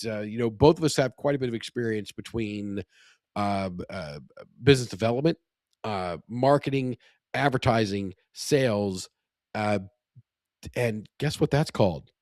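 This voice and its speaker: A man's voice: mid-range voice, darkish tone, no room sound, studio quality. A middle-aged man co-hosting a podcast in casual chat, rambling with many fillers and restarts. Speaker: podcast co-host.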